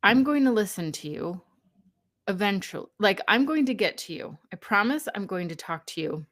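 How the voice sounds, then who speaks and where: A young adult woman giving a casual spiritual talk, gently coaching listeners and acting out their inner dialogue in quoted lines. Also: mid-range voice, animated, moderate pace. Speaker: host.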